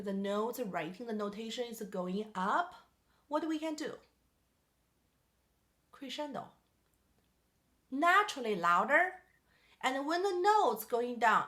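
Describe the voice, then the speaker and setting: A woman with a slightly high, fairly bright voice leads a piano masterclass, singing melodies on syllables and asking her student questions in simple English. Piano playing can be heard in the background.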